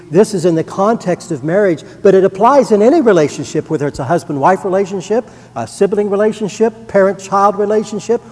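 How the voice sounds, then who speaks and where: High-voiced earnest middle-aged man, echoing church. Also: a little mellow. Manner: earnest, rising to emphatic. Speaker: church member giving testimony. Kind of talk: personal testimony to a congregation.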